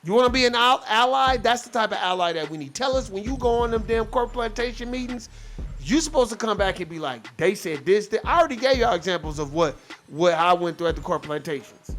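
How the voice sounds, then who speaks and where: Brief: high-voiced man, heated profane podcast rant, faint music underneath. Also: quick pace, fairly bright tone. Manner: profane, heated, mocks others in quoted voices. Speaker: podcast host. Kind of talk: casual ranting commentary.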